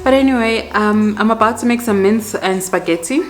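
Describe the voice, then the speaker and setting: A woman, chatting to camera as a vlogger and mother in her kitchen, animated and laughing as she talks. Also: mid-range voice, a little fast, slight background noise. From South Africa. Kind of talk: casual chat to camera. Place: home kitchen.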